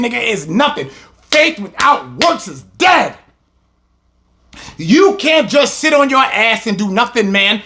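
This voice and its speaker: A man teaching a scripture lesson with fiery passion, his voice breaking up as he shouts. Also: sits high. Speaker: religious teacher.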